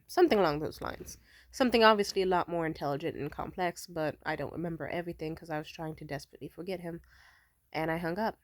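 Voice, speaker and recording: A woman's voice: on the low side, fast, slight background noise. A young adult woman telling a personal story in a casual, rambling way, blunt and heavy on profanity. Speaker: vlogger.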